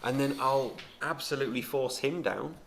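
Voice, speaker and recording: A man's voice: mid-range voice, moderate pace, creaky, fairly bright tone, slight background noise. A man co-hosting a podcast in casual chat, boastful and defiant in his banter. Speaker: podcast co-host.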